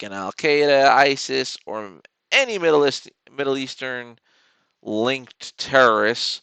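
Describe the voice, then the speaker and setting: A man's voice: medium pitch, gravelly, a bit bright, clean tone, no room sound. A man hosting a live stock trading stream, rambling and joking in casual commentary. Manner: joking, rambling, talks to the chart. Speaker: stock trading livestream host.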